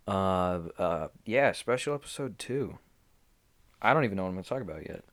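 A man's voice: low voice, expressive, quick pace, a bit bright. A young man, hosting a casual rambling solo podcast from a small home room full of pillows, sounding groggy and just woken up. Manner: loose, unscripted, drifting between topics with many fillers. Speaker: podcast host.

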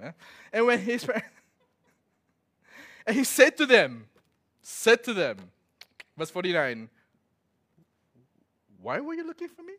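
High-voiced man preaching with stories. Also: sing-song, slow pace, pauses often, a bit bright. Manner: storytelling with laughs and acted-out quotes. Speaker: pastor. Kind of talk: sermon.

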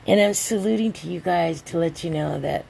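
A woman hosting a rambling solo podcast, a little drunk and stoned, drawling along and breaking into excited outbursts. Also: fairly low pitch, creaky, a little hiss or hum. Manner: tipsy, meandering, slow drawl with sudden excited outbursts. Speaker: podcast host.

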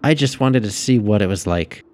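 A man's voice: fairly low pitch, animated, normal speed, a little mellow, a little hiss or hum, close to an everyday voice. A man voicing a curious, mischievous young girl who teases her sister. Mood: teasing. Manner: teasing, playful.

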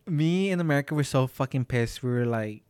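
Young male co-host, chatty storyteller, crisp tone, no room sound. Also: medium pitch, darkish tone, no echo. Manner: rambling, heavy use of "like", swears. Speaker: podcast co-host. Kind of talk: casual storytelling chat.

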